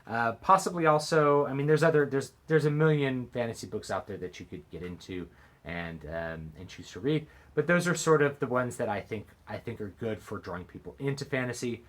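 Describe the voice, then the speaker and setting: A man's voice: medium pitch, expressive, fairly quick, fairly bright tone. A man talking casually to camera as an author and book vlogger, hesitant, with frequent fillers and restarts. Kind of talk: casual book-recommendation vlog.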